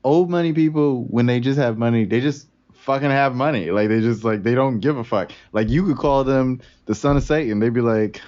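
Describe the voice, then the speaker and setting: A man's voice: mid-range voice, fairly quick, few pauses, darkish tone, lo-fi sound. Laid-back man, profane podcast banter. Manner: loose, profane, many "like" fillers. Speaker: podcast co-host. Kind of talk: casual chat.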